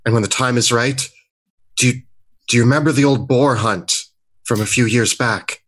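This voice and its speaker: A man's voice: mid-range voice, normal speed, fairly bright tone, lightly acted. A man doing an adventurer urging an ambush. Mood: urgent.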